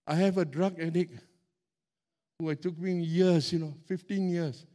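A middle-aged man preaching a sermon as pastor, animated and emphatic, stretching out key words. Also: high voice, a little slow.

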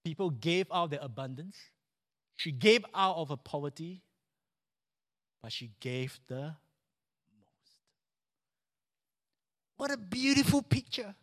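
A man preaching a sermon in church, animated and joking with the congregation. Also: on the high side, slow pace, pauses often. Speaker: pastor.

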